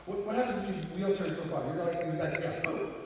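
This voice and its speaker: A man with a fairly high voice tells stories on stage and laughs often as he speaks. His voice carries a long reverb, as if recorded from far off in a large hall. A faint hiss sits underneath. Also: brisk. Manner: storytelling, animated, laughs often. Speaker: motivational speaker. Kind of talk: live motivational talk.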